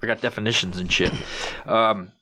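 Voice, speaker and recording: A man's voice: fairly low pitch, moderate pace. A man co-hosting a podcast in casual comedic chat, swearing often and joking around. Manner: profane, animated, jokey with silly put-on voices. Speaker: podcast co-host.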